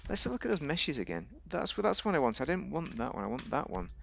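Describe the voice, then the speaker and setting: A man's voice: sing-song, quick pace, gravelly, a bit bright, slight background noise. A man giving casual, rambling, jokey commentary while playing a game, often talking to himself. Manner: rambling, chatty, jokey, talks to himself, sudden pitch jumps. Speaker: gaming video host.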